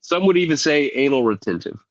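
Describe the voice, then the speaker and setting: Man, podcast co-host, sick, profane relaxed storytelling, muffled dry sound. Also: mid-range voice, a little fast, no room sound. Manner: profane, laid-back storyteller. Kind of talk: casual storytelling chat.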